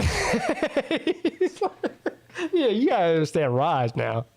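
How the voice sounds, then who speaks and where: Male call-in host, high and lively, crude laughing storyteller. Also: slow. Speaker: show host.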